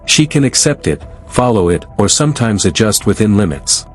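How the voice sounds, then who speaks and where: Low-voiced man narrating with suspense. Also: sing-song, moderate pace, soft background music. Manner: dramatic, building suspense. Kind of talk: scripted dramatic narration.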